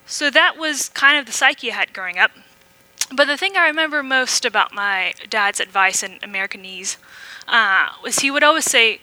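A woman's voice: a little high, animated, normal speed, sharp tone, dry recording, rough recording. A young adult woman from Malaysia, giving a candid, conversational sermon with frequent ums. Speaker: preacher. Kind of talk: personal sermon with slides.

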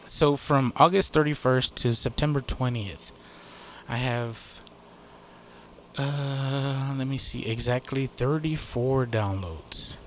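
A man's voice: medium pitch, slow, pushed and bright, slight background noise. A man hosting his own podcast in a rambling, casual way, swearing freely and joking at his own expense. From United States. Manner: rambling, profane, self-deprecating, many fillers. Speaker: podcast host. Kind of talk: casual solo podcast chat.

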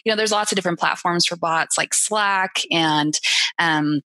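A woman's voice: on the low side, moderate pace, bright, forceful tone, no echo. A woman guest on a podcast, friendly and explanatory, who laughs easily while chatting. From rural farm town. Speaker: podcast guest, chatbot specialist. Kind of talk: casual interview chat.

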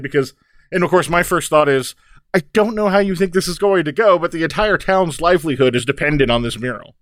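A man with a slightly high voice, casually talking through the plot of a game and working out what it means. The recording is dry and close. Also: fast, a bit bright, no room sound. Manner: analytical, explains plot details. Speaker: podcast co-host. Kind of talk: casual game recap chat.

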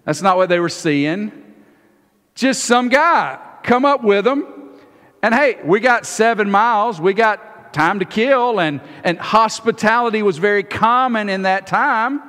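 A man preaching a sermon in a conversational way, often repeating a word as he starts a phrase and acting out the lines of the people in his text. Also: high voice. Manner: acts out the disciples' lines in quick, lively bursts. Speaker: pastor. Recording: long reverb of a large hall.

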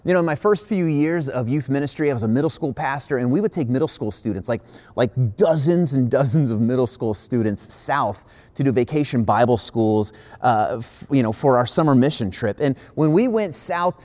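A man's voice: mid-range voice, expressive, fairly quick, darkish tone. A man from the Midwest preaching a sermon as a pastor, casual and emphatic, with many asides. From Midwestern United States.

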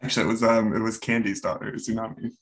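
A man in a casual podcast chat, laid-back and quick to laugh. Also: fairly low pitch, little pitch movement.

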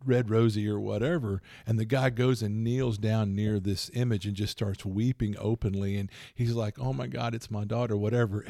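A man with a gravelly, mellow voice rambles happily through tabletop game stories. His co-hosting chat is casual and lively. The sound is close and dry. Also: lowish voice, moderate pace, hardly any pauses, dry recording. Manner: rambling, animated storytelling with laughs. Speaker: podcast co-host and game master.

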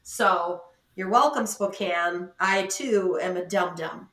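A woman's voice: fairly low pitch, slow, fairly bright tone, echoey room. A woman podcast co-host from the Pacific Northwest telling a story in casual chat, self-mocking and laughing often as she acts out what others said. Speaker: salon owner.

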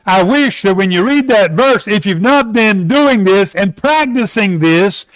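A man preaching a sermon, who talks earnestly and slows right down to stress the verses he quotes. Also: high voice, lively intonation, fairly bright tone, no room sound, low-quality recording.

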